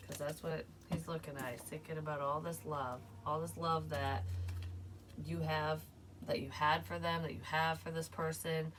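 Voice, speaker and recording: A woman's voice: deep voice, fairly even intonation, normal speed, fairly bright tone, a little hiss or hum. A woman giving a casual tarot reading, chatty and emotional, swearing now and then. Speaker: psychic tarot reader.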